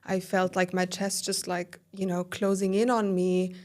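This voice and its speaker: A woman's voice: lowish voice, a little slow. Candid woman guest retelling her story. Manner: animated retelling with quoted inner dialogue, filler-heavy. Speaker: podcast guest.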